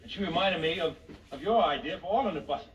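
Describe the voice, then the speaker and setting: A man's voice: fairly high pitch, animated, fast talker, lo-fi sound, close to an everyday voice. A man playing a sitcom character who rambles through a sheepish apology. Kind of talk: vintage sitcom acting. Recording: distant clip with faint noise.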